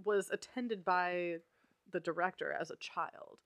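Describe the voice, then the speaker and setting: A woman's voice: fairly low pitch, unhurried, a bit bright, no room sound, clean studio sound. A woman chatting casually on a podcast, adding details about a movie and laughing along. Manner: chatty, adds facts, laughs easily. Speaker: podcast co-host.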